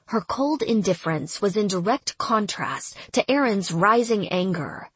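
A woman narrating a science fiction audiobook with an expressive reading. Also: medium pitch, unhurried, husky, dry recording. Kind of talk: scripted narration.

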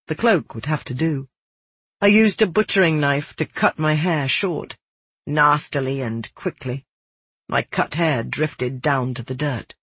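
A man reading a first-person fantasy novel aloud in a measured, somber way. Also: a little high, a bit bright, slightly rough, no echo. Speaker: audiobook narrator.

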